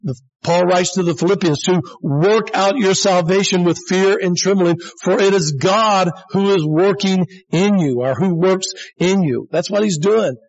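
A pastor in his sixties delivers an earnest, conversational sermon, speaking plainly and calling the congregation "folks." His voice sits high and he's unhurried. The recording is dull and lo-fi.

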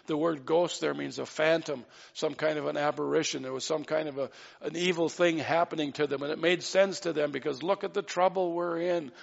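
A man's voice: a little high, steady tone, brisk, vocal fry, dull audio. A man preaching a sermon in an earnest way, with light asides and acted-out quotes. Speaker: pastor.

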